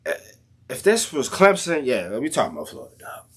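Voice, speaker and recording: Young man, casual sports rant, slangy, animated, heated outbursts. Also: mid-range voice, fairly quick, slightly rough. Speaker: sports commentator vlogger.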